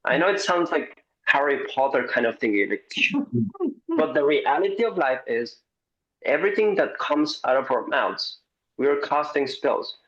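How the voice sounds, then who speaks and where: A man coach in casual roundtable chat, animated and joking, with hesitant restarts and the odd swear. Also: a little high, normal speed, dull audio.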